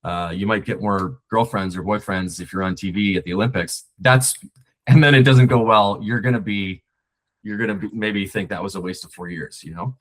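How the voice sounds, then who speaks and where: A man's voice: fairly low pitch, steady tone, normal speed, fairly bright tone. A man talking as a podcast guest, a screenwriter, reflective and rambling with many restarts. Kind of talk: casual conversation.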